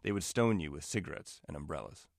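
A man, the author, giving a wry, measured reading of his own fiction. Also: extremely low pitch, expressive, vocal fry, no echo, clean studio sound. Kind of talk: literary reading.

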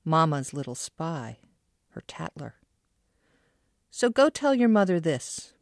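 A woman voicing a moody adult aunt who swings between warmth and cruelty, read by the author in her own voice. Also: low-pitched, big pitch swings, takes it slowly, dry recording, studio quality, exaggerated voice. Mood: bitter.

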